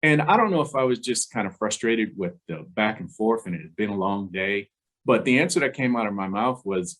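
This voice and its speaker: A man's voice: lowish voice, lively intonation, fairly quick, fairly bright tone. A man, an engineer guest in an interview, telling his career story conversationally, chuckling often and acting out the dialogue he recalls.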